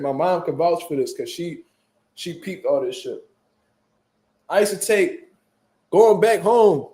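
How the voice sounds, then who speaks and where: A man telling a story in casual chat, animated and full of profane street slang. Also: high-pitched, roomy sound. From Philadelphia, US. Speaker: boxing show host.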